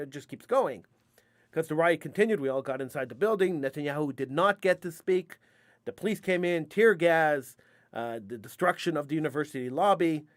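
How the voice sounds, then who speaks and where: A middle-aged man hosting a talk radio show, telling a story in an emphatic, animated way with frequent restarts. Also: fairly high pitch, no echo, studio quality.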